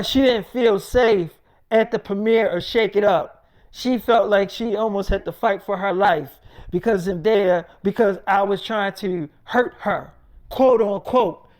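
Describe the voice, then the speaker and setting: A storyteller improvising a crude comic tale, rambling and swearing, acting out both sides of each exchange and often dropping into a low, hushed voice. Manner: profane, rambling, quoting others in dialogue; drops to a low, hushed voice for long stretches.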